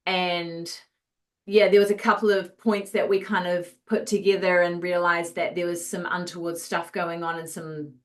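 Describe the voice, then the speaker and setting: A woman's voice: on the low side, level tone, moderate pace. A woman who is a paranormal investigator, telling a story casually with hesitant fillers. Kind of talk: casual chat. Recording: slightly distant from mic.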